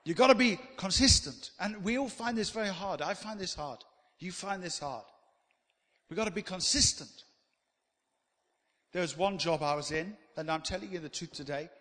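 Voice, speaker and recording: A man preaching a sermon, animated and swinging between loud emphasis and quiet asides. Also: high-pitched, moderate pace. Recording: long hall reverb.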